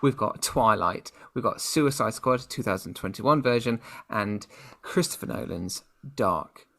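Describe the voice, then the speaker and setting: A young British man co-hosting a podcast, chatting in playful, excitable banter with a friend. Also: lowish voice, measured pace, vocal fry. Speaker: podcast co-host. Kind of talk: casual chat.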